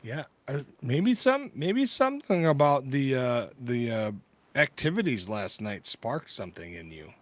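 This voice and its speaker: A man's voice: mid-range voice, very animated, measured pace, dry recording. A man co-hosting a casual podcast, teasing and joking with his friends. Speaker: podcast co-host.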